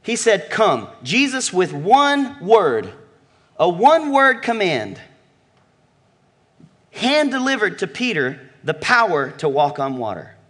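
Preaching with emphasis, this male pastor swings from loud calls down to low murmurs and puts questions to the congregation. His husky voice takes huge pitch swings at an unhurried pace.

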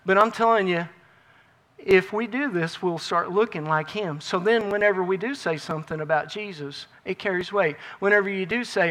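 A middle-aged man preaching a folksy, emphatic sermon that swings between loud bursts and quiet asides. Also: sits high, normal speed.

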